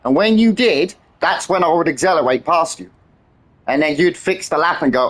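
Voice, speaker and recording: A man chatting excitedly on a live game stream, swearing freely and trading teasing banter with his friends. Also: fairly high pitch, fairly quick. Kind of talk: live-stream gameplay chat.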